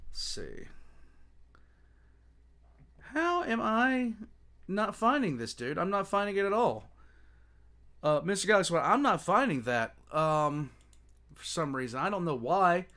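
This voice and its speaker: Excitable man hosting a reaction stream. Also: fairly high pitch, moderate pace. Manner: excitable, exclaiming, chatting to viewers. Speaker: livestream reaction host. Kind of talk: casual reaction livestream.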